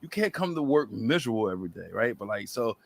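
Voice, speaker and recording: Gravelly-voiced man telling workplace stories. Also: on the low side, fast, no room sound. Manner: animated storyteller, quotes people in lively voices. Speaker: podcast host. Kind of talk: casual chat.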